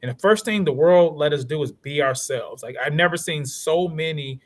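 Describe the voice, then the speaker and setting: A man in his thirties with a Southern country twang, a lawyer talking casually as an interview guest and telling animated stories. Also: on the high side, normal speed. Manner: animated storytelling, acts out quoted voices.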